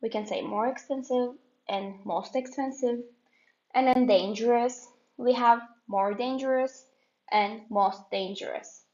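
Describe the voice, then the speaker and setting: A woman's voice: fairly high pitch, steady tone, darkish tone. Patient female English teacher, dull audio. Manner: slow, methodical explaining with repeated examples. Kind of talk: grammar lesson for learners.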